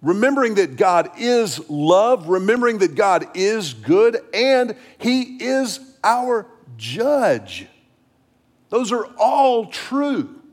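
A middle-aged man preaching a sermon as pastor, repeating words as he restarts and dropping low and quiet when he tells a story. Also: very animated, slow. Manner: storytelling, drops low and quiet for quoted lines.

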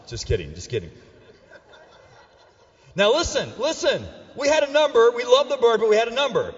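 Animated, high-voiced pastor preaching in a hall. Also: male voice, normal speed, pauses often, dull audio. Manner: animated, joking with the crowd, swinging loud to hushed. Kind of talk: sermon. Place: church auditorium with a live audience.

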